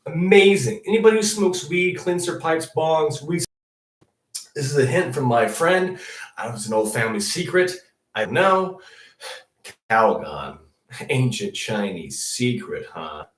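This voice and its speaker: A man's voice: mid-range voice, measured pace. A young man hosting a comedic news show, rambling through profane stories with frequent laughter. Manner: profane, laughing, animated storytelling. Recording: echoey room, distant mic.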